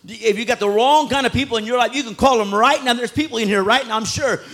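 A man preaching a sermon in a church, animated and acting out street talk. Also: extremely high pitch, quick pace.

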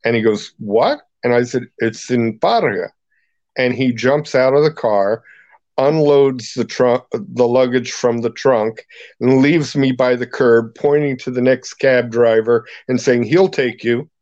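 Slow, wry Irish-born man telling stories. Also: medium pitch, fairly even intonation, darkish tone, no room sound, muffled recording. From Ireland. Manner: wry, anecdotal storyteller who chuckles often. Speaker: guest, initiated priest. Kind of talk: storytelling in a podcast interview.

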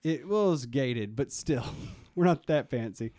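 A man's voice: mid-range voice, expressive, measured pace, warm tone, no room sound. A man co-hosting a podcast, telling a story earnestly in casual chat, often restarting and laughing. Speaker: podcast co-host.

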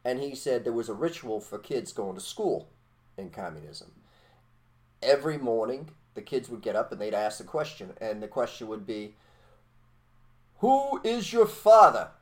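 A man's voice: fairly low pitch, normal speed, a little mellow. A man co-hosting a talk show, ranting crudely about politics and heavy with profanity. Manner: profane, ranting, mocking quoted voices. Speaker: podcast co-host.

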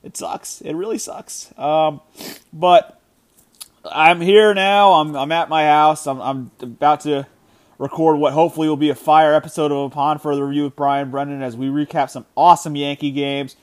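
Male podcast host, 30, a bit higher-pitched, casual storyteller with restarts. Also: moderate pace. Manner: animated storytelling, many restarts and filler words. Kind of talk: casual solo sports podcast chat. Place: his house.

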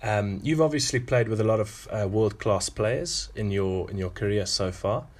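Friendly low-voiced interview host. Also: male voice, normal speed. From Zimbabwe. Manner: friendly, repeats words, playful. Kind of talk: casual interview chat.

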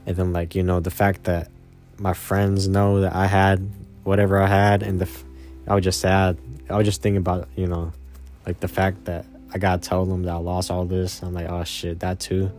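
A young man telling a personal story in a rambling, casual way, repeating himself, swearing and often trailing off quietly. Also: low-pitched, monotone, moderate pace, soft background music.

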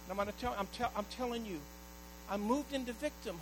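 A middle-aged man pastor preaching a sermon, moving between hushed storytelling and loud, urgent appeals to the congregation. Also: very high voice, fast, background noise.

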